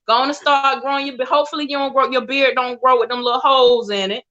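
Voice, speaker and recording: A woman's voice: high-pitched, steady tone, fast, bright, forceful tone. A woman who is a guest on a live podcast, joking bluntly and teasing the host. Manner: blunt, teasing, frank about dating. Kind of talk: casual live podcast banter. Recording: dull lo-fi stream audio.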